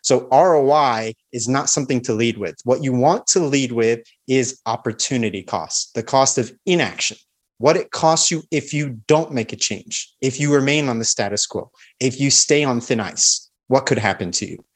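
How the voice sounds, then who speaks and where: A man, a sales expert guest on a podcast, explaining cold-call tactics in a confident, energetic way and acting out quick call snippets. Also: medium pitch. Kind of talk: podcast interview.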